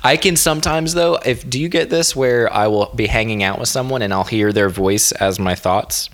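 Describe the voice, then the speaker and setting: A man's voice: mid-range voice, normal speed. A man hosting a podcast as a comedian, chatting in a jokey, rambling, self-deprecating way. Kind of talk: casual podcast chat.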